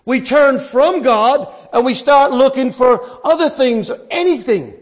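A man's voice: extremely high pitch, unhurried. A middle-aged man preaching a sermon with earnest emphasis, stretching key words as he makes his point. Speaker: pastor.

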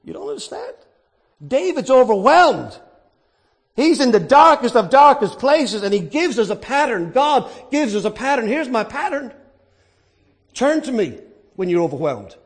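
A man preaching a sermon, dynamic, swinging from quiet asides to shouted points and answering his own questions. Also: extremely high pitch, big pitch swings, a little slow.

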